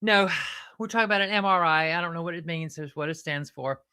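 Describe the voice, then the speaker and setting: A woman's voice: fairly low pitch, fairly quick, sharp tone, clean tone. A woman with a Southern US accent, hosting a chatty, earnest, self-mocking update. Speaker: host. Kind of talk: casual comedic update.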